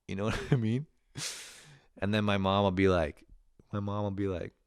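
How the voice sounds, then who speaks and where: Casting: Canadian man, very low voice, dry close sound, animated comedic rant with cursing. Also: normal speed, pauses often, smooth, no echo. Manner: animated, swearing, laughing often. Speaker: podcast host. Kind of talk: casual comedic monologue.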